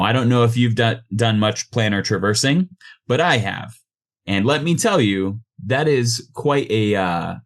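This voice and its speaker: A man voicing a businesslike male interpreter who briefs a crew of dungeon minions, in a plain voice with no accent attempted. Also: mid-range voice.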